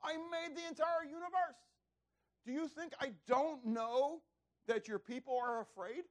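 A man's voice: extremely high pitch, measured pace, voice pushed up. A man voicing God as a stern, exasperated all-powerful deity who scolds with rhetorical questions. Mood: stern, scolding.

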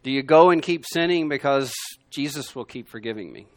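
A man teaching a Bible lesson to a room of listeners, conversational and emphatic, swinging between loud and quiet. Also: mid-range voice, animated, fairly quick, no room sound. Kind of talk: sermon. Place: room with a gathered class.

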